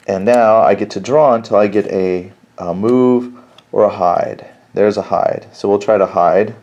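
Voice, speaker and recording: A man's voice: fairly low pitch, dark tone. A man thinking aloud as he plays through a tabletop war game alone, counting squares and reading out cards. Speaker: board game player and host. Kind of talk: solo tabletop game playthrough.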